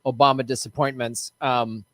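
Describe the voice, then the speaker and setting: A man's voice: mid-range voice, little pitch movement, normal speed, fairly bright tone, no room sound. Jokey man hosting a podcast. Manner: loose, profane, jokey, reads news aloud. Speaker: podcast host. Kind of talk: casual political chat.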